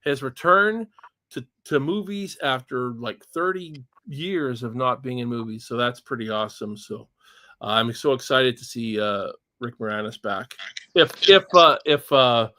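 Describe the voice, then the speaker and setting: A man's voice: medium pitch, unhurried, bright, forceful tone, no room sound. A Canadian man hosting a casual livestream chat, rambling with frequent chuckles and restarts. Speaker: podcast host.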